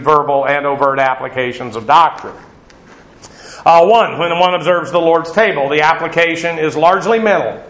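A man's voice: fairly high pitch, fairly bright tone. Man preaching in an echoey room. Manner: conversational, digressive, frequent uh fillers. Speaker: pastor. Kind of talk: sermon.

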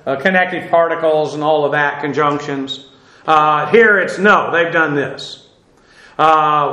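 A man teaching a verse-by-verse Bible lecture in a conversational way, halting with fillers and restarts and dropping dry asides. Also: sits high, a bit bright, reverberant, poor audio.

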